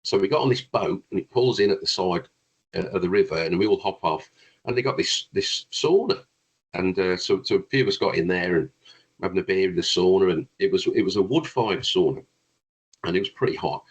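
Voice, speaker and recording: A brass player tells long stories in a casual chat, stumbling over restarts as he goes. His voice sits low and husky. The call audio is dull and lo-fi. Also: fairly quick. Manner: rambling anecdotes with frequent restarts and laughs.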